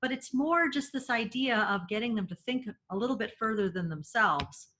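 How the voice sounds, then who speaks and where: A woman's voice: a little high, expressive, normal speed, bright, forceful tone, a little hiss or hum. Chatty mother on a video call. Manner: chatty, self-correcting, many fillers. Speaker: parent guest. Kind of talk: casual webinar chat.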